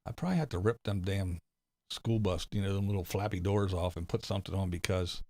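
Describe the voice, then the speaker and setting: A middle-aged man from the States with a lowish voice chats loosely on a livestream, laughing often and cursing freely as he rambles. The sound is close and dry. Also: brisk, a little mellow, no echo. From United States. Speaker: livestream host reading chat. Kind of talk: casual chat.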